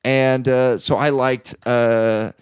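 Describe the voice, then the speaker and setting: Man, casual podcast chat, rambling, lots of fillers and restarts, animated. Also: medium pitch, takes it slowly, background noise. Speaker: podcast guest. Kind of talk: casual film discussion.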